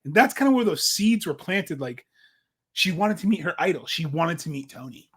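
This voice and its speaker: A young adult man co-hosting a podcast in casual chat, animated and acting out quotes in put-on voices. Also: on the high side, moderate pace, breathy edge. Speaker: podcast co-host.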